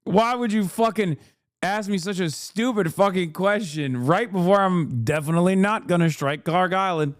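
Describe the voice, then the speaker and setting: A man's voice: high voice, moderate pace, no room sound, clean studio sound, pitched above the performer's own voice, close to an everyday voice. A man impersonating a furious older male president who curses and insults an interviewer. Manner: profane, cursing insults.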